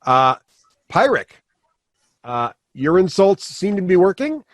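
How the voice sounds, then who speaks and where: A man's voice: high-pitched, very animated, slow pace, no room sound. A man running a live tabletop game as game master. He explains the rules and positions patiently and calls on each player by name.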